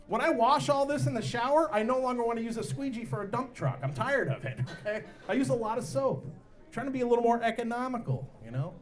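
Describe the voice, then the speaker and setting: A man with a high, lively voice works through a stand-up set at a bar comedy night. He talks casually and leaps up into squeaky voices whenever he plays the other people in his stories. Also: quick pace. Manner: animated, jumps into high-pitched voices for other characters.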